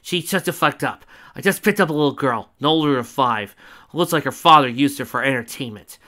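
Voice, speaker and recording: A man's voice: medium pitch, fairly quick, pushed and bright, close to an everyday voice. A man reading the lines of a tough young female agent who talks bluntly and swears, in his own voice. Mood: urgent. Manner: blunt, swearing, clipped replies.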